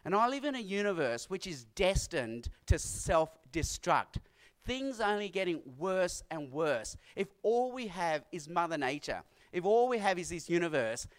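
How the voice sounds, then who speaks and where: A middle-aged man preaching an earnest sermon, repeating key lines with dramatic pauses. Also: sits high, very animated. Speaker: pastor.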